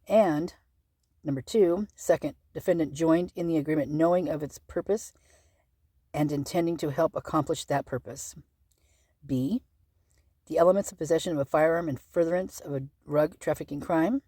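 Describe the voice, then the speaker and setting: A woman's voice: sits low, normal speed, dark tone, husky, no echo, clean studio sound. A woman hosting a true-crime channel, reading through a legal document aloud in a casual, rambling way with many fillers and self-corrections.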